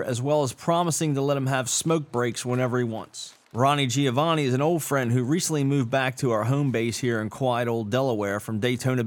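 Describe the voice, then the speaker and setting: Wry man introducing his show. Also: mid-range voice. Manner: dry, wry and sarcastic. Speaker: show host.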